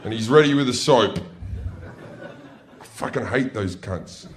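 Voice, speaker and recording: A middle-aged man performing a stand-up comedy routine on a comedy club stage, brash and profane, with sudden shouted outbursts. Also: medium pitch, measured pace, long pauses, a little hiss or hum.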